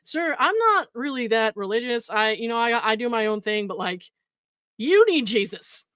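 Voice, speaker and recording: A woman's voice: fairly high pitch, expressive, a little fast, sharp tone, clean tone, no echo. A woman hosting a commentary show, reading messages aloud and mocking them with sarcasm, swearing and frequent laughter. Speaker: commentary host.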